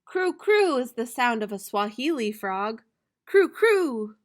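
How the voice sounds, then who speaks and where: A young woman teacher reads a picture book aloud to her class at an unhurried pace. Her voice sits a little high, and she bursts into bright, loud imitations of roosters, trains and dogs. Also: very animated. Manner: slow, playful reading with bright, loud animal-sound imitations.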